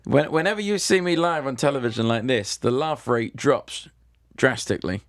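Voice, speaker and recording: A man's voice: mid-range voice, normal speed, dry recording. A British man telling anecdotes as a guest, dry and self-deprecating. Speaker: guest comedian and magician.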